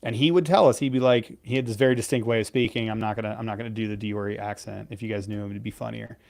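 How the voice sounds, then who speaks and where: A man's voice: lowish voice, fairly even intonation, fast, vocal fry, darkish tone. Blunt, profane male military veteran. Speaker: podcast co-host, veteran pararescueman. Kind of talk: casual live-stream advice talk.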